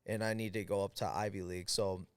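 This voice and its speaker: An American man, a podcast guest, telling a story in casual chat, animated, acting out the people he quotes. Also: lowish voice, fast, smooth. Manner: animated, quotes people in lively voices, many fillers.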